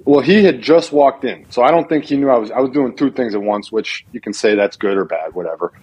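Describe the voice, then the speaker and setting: A man who is a retired football player, a guest on a talk show, telling stories in an animated, self-mocking way. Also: mid-range voice, fairly quick, breathy edge, low-quality recording. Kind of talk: casual chat on a talk show.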